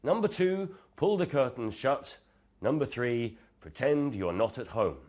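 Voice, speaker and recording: A man's voice: mid-range voice, expressive, a little slow, a little mellow, voice pushed up, lightly acted. A man voicing a fussy male owl who loves making plans, earnest and a little bossy, in a children's storybook reading.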